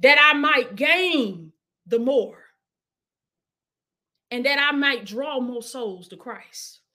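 Woman preacher with a high voice, casual sermon delivery that swings between urging and soft prayer. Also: expressive, slow pace. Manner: preaching with call-and-response, dropping to hushed prayer.

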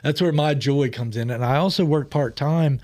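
A man's voice: on the high side, normal speed, darkish tone. Chatty man telling a story in a studio. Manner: rambling, chatty, laughs often mid-story. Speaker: podcast guest in recovery. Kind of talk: casual personal storytelling.

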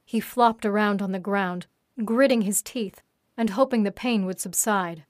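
A woman narrating a written erotic story in a steady, even reading voice. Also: medium pitch, a little slow, dry recording, clean studio sound.

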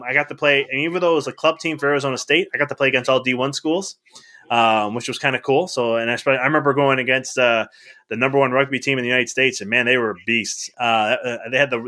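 A middle-aged man as a podcast guest, telling stories in a casual, animated way, acting out the dialogue with frequent restarts. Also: mid-range voice, fast talker. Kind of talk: casual storytelling.

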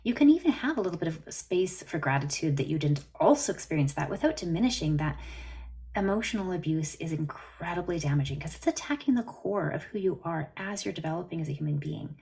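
A woman's voice: fairly low pitch, expressive, brisk, vocal fry, darkish tone. A woman from Canada, a therapist, talking earnestly on a podcast interview over a video call. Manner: earnest, explanatory, story-telling. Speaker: therapist guest.

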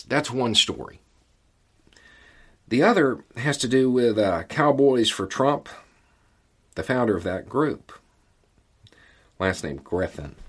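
Husky, deep-voiced man commenting casually. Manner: folksy, conversational, emphatic repetition.

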